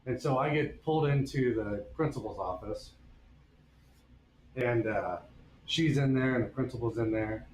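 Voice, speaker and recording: A man's voice: mid-range voice, moderate pace, pauses often, darkish tone. Laid-back man telling stories in a forge. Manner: laid-back, wry anecdotal delivery. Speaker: blacksmith streamer. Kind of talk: casual storytelling while forging. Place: blacksmith workshop. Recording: echoey workshop with faint ambient noise.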